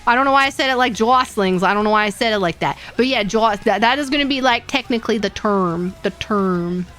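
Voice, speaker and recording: A woman's voice: mid-range voice, a little fast, a bit bright, soft background music. A young woman streaming casually, rambling with bubbly energy, laughing often and repeating her words as she chats. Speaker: VTuber streamer. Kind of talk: casual livestream chat.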